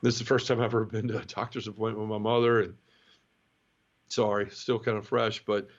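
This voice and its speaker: A middle-aged man from the southern United States, giving an emotional personal testimony in an interview, halting and full of restarts. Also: lowish voice, flat delivery. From Memphis area, southern United States. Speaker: guest. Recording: dull lo-fi audio.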